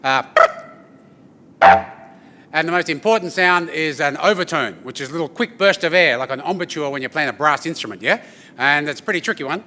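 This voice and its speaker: Bright-voiced man storytelling. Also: fairly high pitch, fairly quick. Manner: lively, joking, addresses the crowd with "yeah?" tags. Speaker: didgeridoo performer. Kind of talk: storytelling performance to an audience. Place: event venue with an audience.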